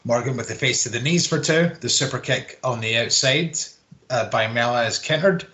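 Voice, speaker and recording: A man's voice: medium pitch, moderate pace, pushed and bright. A man, co-hosting a podcast and recapping wrestling in a rambling, sweary, casual chat. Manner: rambling, sweary play-by-play with filler words. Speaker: podcast co-host.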